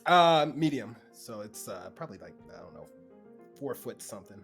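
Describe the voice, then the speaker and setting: Animated man in tabletop role-play. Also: mid-range voice, moderate pace. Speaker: guest player. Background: faint music.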